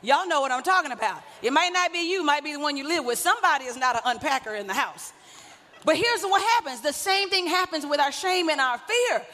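A woman's voice: high-pitched, animated, brisk, bright, forceful tone. A woman pastor, preaching a sermon in a conversational way, with joking asides to the congregation. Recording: long hall reverb.

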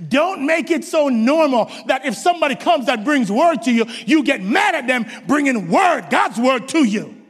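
A man preaching a sermon as pastor, emphatic, swinging from shouted exhortations to hushed low asides. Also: breathy edge. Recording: long hall reverb.

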